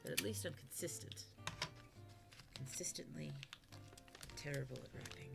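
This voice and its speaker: Sleepy low-voiced woman, gravelly and soft. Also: animated, normal speed, over music. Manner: soft, sleepy, self-mocking, often half-whispered. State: sleepy and yawning. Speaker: streamer. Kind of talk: casual late-night stream chat while gift wrapping.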